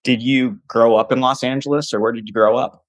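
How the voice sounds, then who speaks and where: A man's voice: medium pitch, steady tone, a little fast, no echo. A man in his thirties hosting an interview, asking curious, conversational questions. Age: 30s. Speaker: podcast host.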